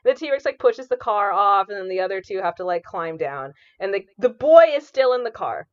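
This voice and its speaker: A podcast co-host with a medium-pitched, expressive, resonant voice recaps a movie at a brisk clip, chatty and full of fillers as she acts out quoted lines. Her speech is clear, though the dry recording sounds muffled.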